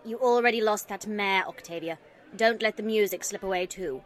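A woman voicing an anxious, pushy older mare mother, speaking in a louder, insistent way. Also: mid-range voice, moderate pace, lightly acted.

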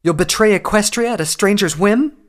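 A man's voice: sits high, fairly quick, pitched above the performer's own voice, close to an everyday voice. A man voicing a cruel, hot-tempered female unicorn captain who hisses her threats in an audiobook. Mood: hissing. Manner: hissing, menacing. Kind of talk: audiobook character voice.

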